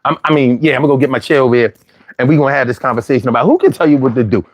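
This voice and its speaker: A man's voice: mid-range voice, rapid-fire, no room sound, highs cut off. A man hosting a call-in talk show, talking with lots of repetition and street slang. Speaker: host.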